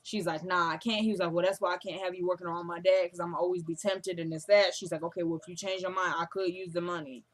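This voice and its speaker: A woman's voice: on the low side, steady tone, fast talker, few pauses. A young woman, chatting casually as she recaps a TV episode and retells the dialogue. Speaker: recap vlogger.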